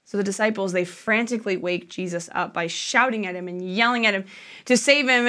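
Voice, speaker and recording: A woman's voice: mid-range voice, brisk, pushed and bright. A woman preaching a sermon in a church, telling the story in a chatty, conversational way with frequent fillers.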